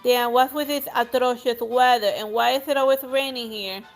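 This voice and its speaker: A grand, scornful noblewoman barks insults at everyone around her, read aloud by a woman. Her voice sits a little high, and soft music plays faintly underneath. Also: steady tone, normal speed, close to an everyday voice. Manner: imperious, insulting, theatrical reading. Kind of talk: reading game dialogue aloud.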